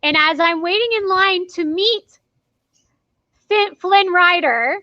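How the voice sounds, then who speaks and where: A woman who performs as a party character, telling stories in a casual interview in an animated way, acting out the dialogue and laughing often. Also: very high-pitched, slow, no room sound. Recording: dull lo-fi dry sound.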